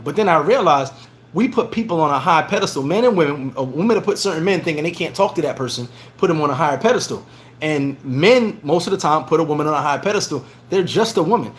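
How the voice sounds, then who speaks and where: At a bar in the Dominican Republic, a man hosts a casual livestream vlog, telling stories with animated energy and acting out the lines he quotes. His voice is fairly high and fairly quick.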